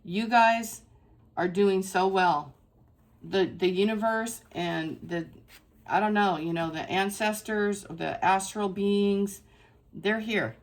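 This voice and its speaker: A woman's voice: mid-range voice, slow. A woman giving a casual spiritual tarot reading to her viewers, effusive and emphatic, repeating phrases for stress. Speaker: tarot reader.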